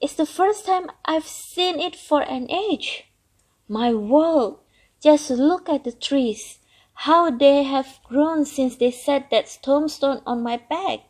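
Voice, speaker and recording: A sly, boastful old turtle from a storybook, coaxing slowly and laughing loudly in his glee, as a woman reads him. The voice sits a little high and unhurried. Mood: delighted. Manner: coaxing, then loudly gleeful.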